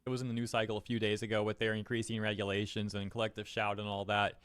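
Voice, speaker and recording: A man's voice: lowish voice, monotone, fast talker, fairly bright tone, smooth, no room sound. Wry man reading headlines aloud. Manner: wry, mocking asides between readings. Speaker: online news commentator.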